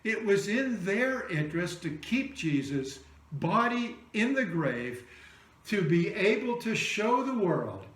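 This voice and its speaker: Male pastor, slow high-pitched storytelling sermon, echoey sanctuary. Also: sing-song. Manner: storytelling preacher, dramatic drops to soft voice for quoted words. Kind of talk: Easter sermon.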